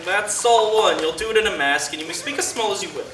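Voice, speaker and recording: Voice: mid-range voice, fast talker, fairly bright tone, lightly acted. An actor playing a fussy carpenter who directs an amateur play, coaxing and organizing his troupe on a college stage. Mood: earnest. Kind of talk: live college stage performance. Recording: roomy stage audio from far off with faint noise.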